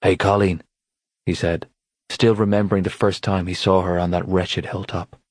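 A man narrating an audiobook in a steady, even storytelling voice on a close mic. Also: low voice, moderate pace, no room sound. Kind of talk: scripted narration.

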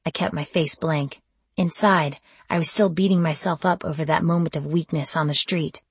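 Low, husky woman narrating a novel. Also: fairly even intonation, moderate pace, no room sound. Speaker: audiobook narrator. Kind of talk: first-person scripted narration.

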